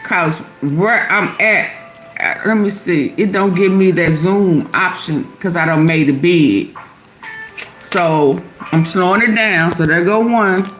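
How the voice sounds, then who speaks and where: A middle-aged woman hosts a casual live stream, answering her viewers' comments as they come in. She talks at an unhurried pace, easy and chatty. Faint music plays quietly underneath her voice. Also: lowish voice. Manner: chatty, answers chat comments aloud, laughs often. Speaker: livestream host.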